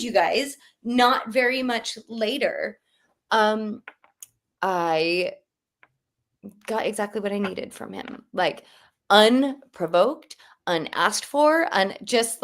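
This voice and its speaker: A woman's voice: medium pitch, fairly bright tone. A woman co-hosting a livestream, telling a personal story in a rambling, heartfelt way. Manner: rambling personal storytelling, many fillers and restarts. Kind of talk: casual livestream chat.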